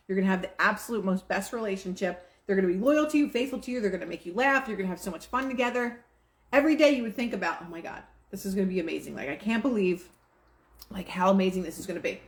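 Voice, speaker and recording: This is a woman teaching manifesting in a relaxed, rambling way, full of "like" and restarts. Her voice sits in a middle register. She records on a home setup, and the sound bounces with a noticeable room echo. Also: mid-range voice. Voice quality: relaxed, chatty, many fillers like "like". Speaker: host of a manifesting livestream. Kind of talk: casual spoken teaching. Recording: roomy echo.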